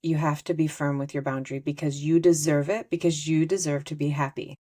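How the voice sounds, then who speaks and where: A woman hosting a solo self-help podcast, talking in an earnest, gently conversational way and often acting out example conversations. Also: low voice, steady tone, brisk. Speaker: podcast host.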